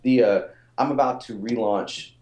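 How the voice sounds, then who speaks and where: A man's voice: medium pitch, moderate pace, darkish tone, echoey room. A man in his forties, a fitness author and coach, telling stories in a casual interview with many fillers and repeated words. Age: 40s.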